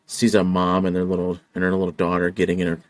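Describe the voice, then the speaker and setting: A man co-hosting a casual podcast chat, retelling movie scenes with animated voices. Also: low-pitched, quick pace, no echo, clean studio sound. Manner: animated storyteller acting out film lines. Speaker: podcast co-host.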